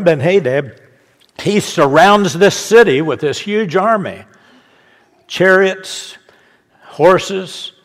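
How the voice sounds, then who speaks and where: A man with a fairly high voice teaches from scripture in a relaxed, conversational sermon. He repeats and restarts his phrases and slips in chuckling asides. A long reverb trails after every word, as if in a large hall. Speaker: Bible teacher. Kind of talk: informal Bible teaching sermon.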